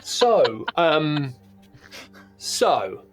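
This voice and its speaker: A man narrating a tabletop game as its game master. He has a slightly high, lively voice that swings up and down, and he rambles playfully, dropping in sound-effect noises over faint music. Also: extremely slow.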